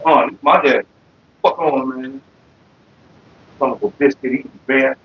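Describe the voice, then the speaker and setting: A man from Florida streaming casually from his computer desk, cussing and ranting loudly. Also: medium pitch, moderate pace, husky. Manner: profane, cussing out bugs. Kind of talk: casual livestream rant. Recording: dull lo-fi stream audio.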